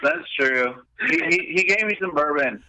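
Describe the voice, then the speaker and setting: A man's voice: a little high, animated, moderate pace, lo-fi sound, a crowd in the background. A man appearing as a guest on a talk show, chatting easily and laughing along with the host. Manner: easygoing, laughs along, short replies. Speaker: guest actor. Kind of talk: casual chat.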